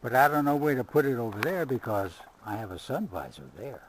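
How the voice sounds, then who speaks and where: A man's voice: mid-range voice, animated, brisk, a little hiss or hum, low-quality recording. An older man giving a chatty running commentary outdoors as he works on his car. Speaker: vlogger. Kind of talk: casual do-it-yourself vlog.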